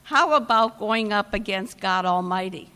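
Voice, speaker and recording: A woman preaching a sermon, retelling scripture in a measured storytelling manner with dramatic pauses. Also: medium pitch, animated, bright, forceful tone. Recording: long church reverb.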